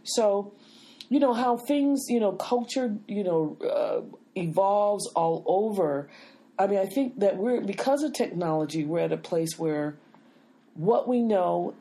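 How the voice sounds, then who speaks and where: Unhurried and mellow, this woman's mid-range voice has lively intonation as she hosts a casual podcast conversation. She holds the floor insistently, asking with "wait a minute" to finish what she's saying.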